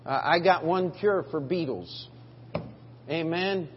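A man's voice: fairly high pitch, slow pace, slight background noise. A middle-aged man preaching a sermon as pastor, in a folksy, emphatic way with frequent restarts, recorded in a church sanctuary. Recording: dull, lo-fi church recording with long reverb.

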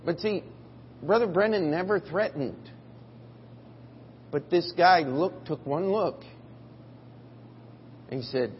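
A man preaching a sermon in a church, telling a story and moving between quiet, drawn-out phrases and loud, emphatic bursts. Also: fairly high pitch, slight background noise. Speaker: pastor. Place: church sanctuary. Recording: dull audio in a reverberant hall.

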